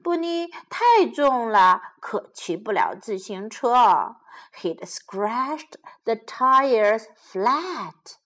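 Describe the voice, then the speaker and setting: A woman teacher reading a children's storybook aloud in English and then retelling it, slow, clear and expressive. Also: on the high side. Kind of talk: bilingual storybook read-aloud for kids.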